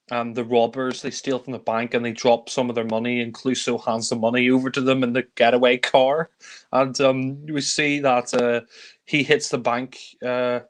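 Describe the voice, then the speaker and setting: A man chats through a film review in a loose, rambling way. He leans on fillers and laughs under his breath as he goes. His voice sits at an ordinary middle pitch. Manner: rambling, full of fillers and chuckles. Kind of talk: casual film review chat.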